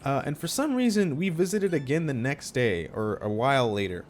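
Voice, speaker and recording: A young man telling a rambling personal story in casual chat, full of restarts and flaring up loud when annoyed. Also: medium pitch, expressive, brisk, a little hiss or hum. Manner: rambling with many restarts, gets worked up and loud. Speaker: podcast host telling a story.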